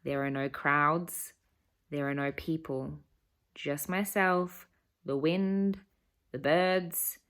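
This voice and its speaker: Slow-talking young woman vlogger. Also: lowish voice, fairly bright tone. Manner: earnest, emphatic retelling. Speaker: travel vlogger. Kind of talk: vlog voice-over storytelling.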